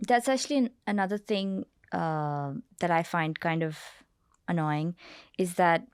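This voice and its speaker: A woman's voice: lowish voice, a little slow, a little mellow, clean tone, no echo, studio quality. A woman hosting a casual interview, thinking aloud with small hesitations. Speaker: host.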